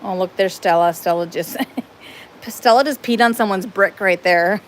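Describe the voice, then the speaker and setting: A woman's voice: medium pitch, normal speed, a little hiss or hum. A woman hosting a casual live stream, chatty and rambling, filming on a phone while walking around an outdoor cat playground. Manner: chatty, rambling, laughs easily.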